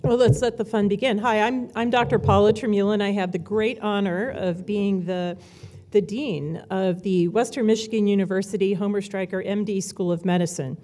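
A woman's voice: mid-range voice, steady tone, moderate pace, dark tone. An older woman, a medical school dean, giving a gracious, reminiscing speech at a ceremony. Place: hotel ballroom.

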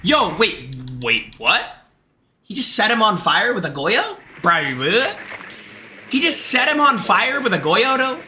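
High, sharp-voiced excitable young streamer man. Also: unhurried, slight background noise. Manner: excitable, shouty, talks to chat. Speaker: gaming streamer. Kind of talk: live game commentary.

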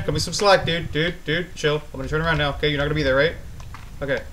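A man commentating a horror game as he plays, easily spooked, swearing and yelling at the monster. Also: on the high side, fairly even intonation, very fast, a little hiss or hum, rough recording. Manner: jumpy, swears a lot, yells at the monster. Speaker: gaming channel host.

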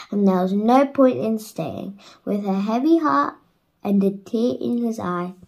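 A woman reads a children's bedtime story aloud, unhurried and gentle. Her pitch sits in an everyday middle range. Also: gravelly, husky, poor audio. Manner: slow, gentle reading aloud.

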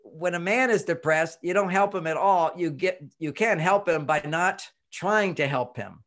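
A man's voice: sits high, normal speed. A man who writes on relationships, talking in a casual interview, acting out quoted voices and chuckling as he explains. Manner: animated, acts out quoted voices, chuckles often. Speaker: relationship author and expert guest.

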